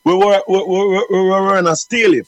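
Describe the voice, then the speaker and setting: A man with a Jamaican accent, a reggae deejay telling stories in an interview, lively and acting out voices. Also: high voice, brisk, no room sound, poor audio. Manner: animated, acts out quoted voices. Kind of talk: storytelling interview.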